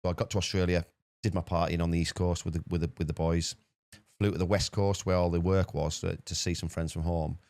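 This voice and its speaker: A man's voice: low voice, gravelly. A man from the UK, a podcast guest telling a story in a casual way, with many repeated words. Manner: rapid, animated anecdote-telling with repeated words.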